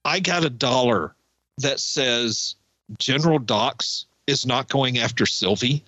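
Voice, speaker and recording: A man's voice: medium pitch, takes it slowly, dry recording, lo-fi sound. A man co-hosting a podcast, talking emphatically and casually. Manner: emphatic, animated storytelling. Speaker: podcast co-host. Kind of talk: casual chat.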